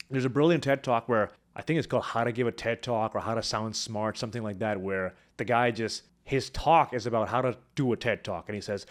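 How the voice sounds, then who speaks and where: A man teaching public speaking, talking to camera with lively swings between high energy and quiet, hushed moments. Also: brisk, hardly any pauses. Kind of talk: instructional talk to camera.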